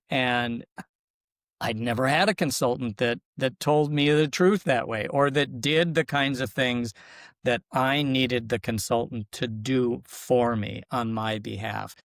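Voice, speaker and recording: An older man with a Minnesotan accent, telling stories from his life in a reflective, thinking-aloud way. His voice sits at a middle pitch. The sound is dry and close. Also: a bit bright, no room sound. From Minnesota, USA. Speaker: guest, local government consultant. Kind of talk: casual podcast interview.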